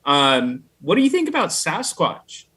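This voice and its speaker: Relaxed male podcast co-host asking questions. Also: fairly high pitch, measured pace, slightly rough. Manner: relaxed, asks questions, brief reactions. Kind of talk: casual live-stream chat.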